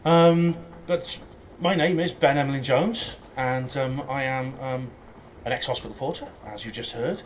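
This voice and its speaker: A man's voice: mid-range voice, fairly even intonation, a little slow, a little hiss or hum, poor audio. A Welsh-born man who has lost his Welsh accent, giving a talk to a live audience in a pub function room, hesitant with many ums and joking asides. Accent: English, lost Welsh accent. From Wales. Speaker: guest speaker.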